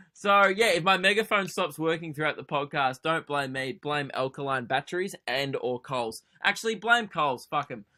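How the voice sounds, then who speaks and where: A man's voice: a little high, lively intonation, normal speed, bright, forceful tone. A young Australian man hosting a comedy podcast, telling a sarcastic, sweary story. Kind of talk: comedic solo podcast rant.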